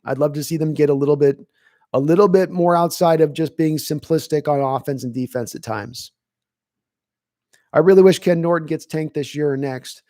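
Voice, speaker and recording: A man's voice: a little high, normal speed, mellow, no room sound, studio quality. A man hosting a live sports stream, chatting casually and answering viewers' questions from the chat as he thinks aloud. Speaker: podcast host reading live chat.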